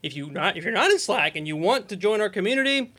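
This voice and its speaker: Middle aged guy hosting a podcast, kinda high voice, rambly, keeps cutting himself off. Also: very animated, fast talker, bright, forceful tone. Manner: rambling, self-interrupting, laughs often. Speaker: podcast host. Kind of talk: casual live-stream chat.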